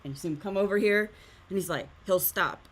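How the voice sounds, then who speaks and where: A woman's voice: mid-range voice, fairly quick. A woman hosting a live art stream, chatting casually while teaching drawing and often laughing at herself.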